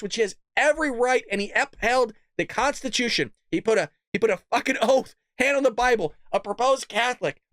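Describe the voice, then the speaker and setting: Man, political commentary host, ranting, profane, loud then muttering, dry close sound. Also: extremely high pitch, fairly quick, hardly any pauses, dry recording. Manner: heated, profane, sudden swings from loud to muttered.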